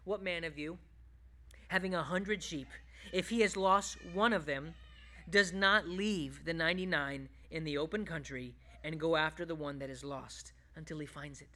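Pastor, male, bright tense voice, emphatic preaching with hushed asides. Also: normal speed. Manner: swings between loud emphatic bursts and hushed, low reflective passages. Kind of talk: sermon.

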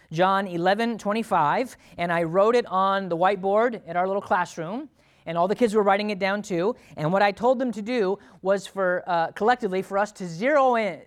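An emphatic pastor in the middle of a sermon, stacking phrase upon phrase as the voice climbs. Pitch sits in an ordinary middle range, and the delivery drops to quiet, intimate asides before rising again. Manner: emphatic, builds repeated phrases, swings between loud and soft.

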